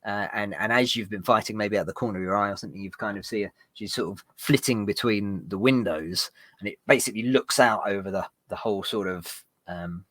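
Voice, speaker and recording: A man narrating as game master of a tabletop game, rambling and halting with many fillers. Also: lowish voice, a bit bright, no echo.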